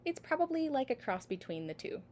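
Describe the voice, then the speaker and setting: A woman's voice: sits high, very animated, a little fast, a little mellow. A woman teaching a singing class over a video call, patiently sounding out each syllable for her students. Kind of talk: online class instruction.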